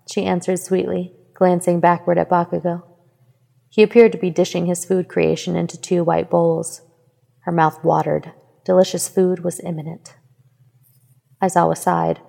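A woman narrating a fan fiction story in a steady, even reading voice. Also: fairly low pitch, moderate pace, creaky, big-room sound. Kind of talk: scripted narration.

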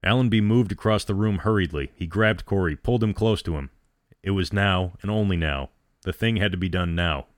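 A male storyteller reading a dramatic story aloud, measured and dramatic. His voice is very low and deep. The recording is dry and close. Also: dry recording. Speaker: storyteller host.

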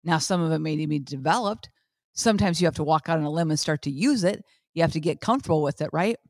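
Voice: medium pitch, fast, dry recording. An emphatic motivational talker with a mid-range voice who speaks straight to the listeners in a chatty way. The speaker keeps circling back to rhetorical questions, and the recording is close and dry with no room sound. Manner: chatty, addresses listeners directly. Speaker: podcast host. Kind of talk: motivational monologue.

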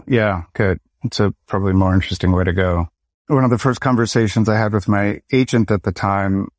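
A middle-aged American man speaks in a low, even register, recalling his acting career in a thoughtful interview. His delivery is reflective and sometimes acts out little quoted exchanges. The sound is close and dry, with no room around it. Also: no room sound. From Michigan, United States. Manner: reflective, storytelling with quoted dialogue. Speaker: guest, actor and educator. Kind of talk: conversational interview.

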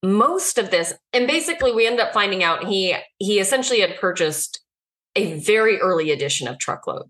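A woman's voice: mid-range voice, animated, a little fast, fairly bright tone. A woman co-hosting a podcast, telling a story in a candid, easygoing way. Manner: candid, storytelling, laughs easily. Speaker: podcast co-host. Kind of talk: casual podcast chat.

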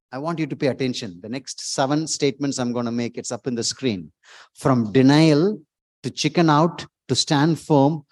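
A pastor preaches emphatically in a dry recording, his voice medium in pitch. He repeats words and builds to loud exclamations.

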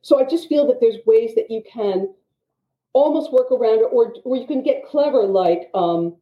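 A woman teaching writing craft, explaining in an animated way with quick asides. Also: fairly high pitch. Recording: dull, echoey audio.

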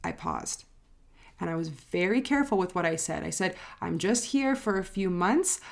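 A woman's voice: fairly low pitch, animated, brisk, gravelly. A woman life coach talking straight to camera in a personal vlog, earnest and reflective, repeating phrases for emphasis and sounding close to tears. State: emotional, near tears.

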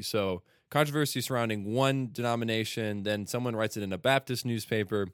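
An eager man with a low voice talks through the meaning of a hymn's lyrics in a relaxed podcast conversation. He sounds American and explains ideas at length with obvious enthusiasm. The recording is close and dry. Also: no echo. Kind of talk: casual chat about hymns.

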